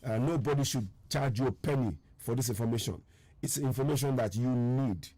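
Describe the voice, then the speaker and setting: A man's voice: mid-range voice, brisk, mellow, no echo. A man hosting a live online broadcast, urging viewers with insistent repetition in a strained, tired voice. He is from Nigeria. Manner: urgent, insistent, repeating his points; reads out viewer names and answers their comments. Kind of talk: impassioned live-stream address.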